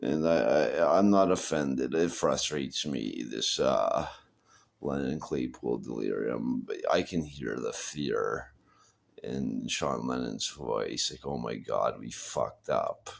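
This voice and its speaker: A man with an extremely low, gravelly voice talks in a rambling personal monologue. He stops and restarts a lot, repeats words and swears freely. His voice has a rough creak running through it. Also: slow. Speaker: vlogger.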